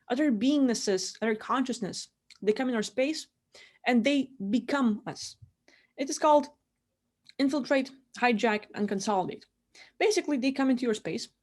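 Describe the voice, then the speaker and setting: Chatty woman teaching, fairly high voice. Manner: rambling, heavy use of "like". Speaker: spiritual teacher. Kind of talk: casual guided instruction. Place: her room at home.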